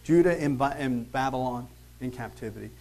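Reading scripture aloud verse by verse, a man who teaches the Bible follows each passage with conversational, emphatic commentary full of rhetorical questions. He speaks briskly at medium pitch with a darkish tone, on a rough recording.

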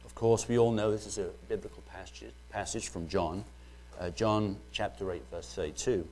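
A man's voice: lowish voice, fairly even intonation, moderate pace, a little mellow. A man with a British accent preaching a sermon, first joking lightly, then reading Bible verses and explaining them earnestly.

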